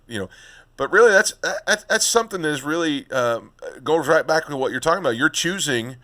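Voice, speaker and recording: A middle-aged man hosts a podcast interview in a bright, clear voice. He talks conversationally and often doubles up on words as a thought gets going. His pitch is of middle height. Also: animated, fairly quick. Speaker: podcast host.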